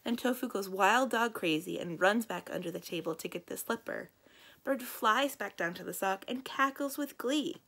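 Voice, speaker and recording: A woman librarian reading a children's novel aloud in a lively, expressive storytelling voice. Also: normal speed, creaky, husky. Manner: lively, expressive storytelling with big swings in pitch and loudness.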